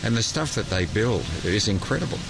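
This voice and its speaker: Gravelly man, noisy street. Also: on the low side, animated, brisk. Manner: blunt, emphatic opinion. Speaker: interviewee. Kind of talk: street interview answer.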